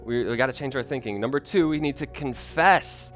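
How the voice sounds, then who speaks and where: A man's voice: mid-range voice, a little fast, faint music behind. A young man preaching a sermon, earnest and personal, often restarting his sentences. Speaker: pastor.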